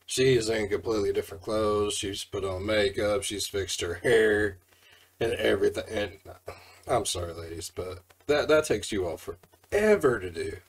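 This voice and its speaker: A man's voice: on the low side, normal speed, slightly rough, rough recording. A man hosting a reaction video, chatting casually and joking with lots of fillers.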